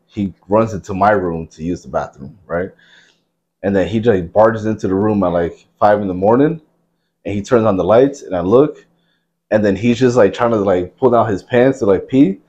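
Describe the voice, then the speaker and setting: Thirties male host, low voice, easygoing, cusses a lot. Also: lo-fi sound. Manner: relaxed, swears freely. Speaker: podcast host. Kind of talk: casual chat.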